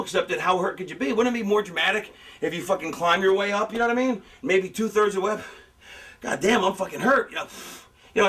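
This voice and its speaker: Middle-aged man, high voice, profane animated storyteller, recorded a bit off-mic. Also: distant mic. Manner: profane, animated, acts out quotes. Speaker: veteran wrestler explaining booking. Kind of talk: casual storytelling.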